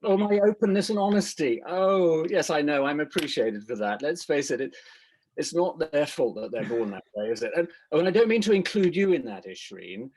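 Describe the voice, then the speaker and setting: A man playing a pompous, clueless gentleman with prejudiced views, patronizing and tripping over his own words in a comedic role-play. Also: fairly high pitch, expressive, moderate pace, slight background noise, natural voice. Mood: condescending. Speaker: consultant acting out a skit.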